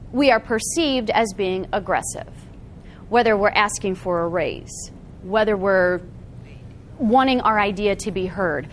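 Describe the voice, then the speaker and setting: A woman giving a live seminar talk to an audience in a meeting room, animated and often checking in with the room. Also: medium pitch, slight background noise. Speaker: workshop presenter.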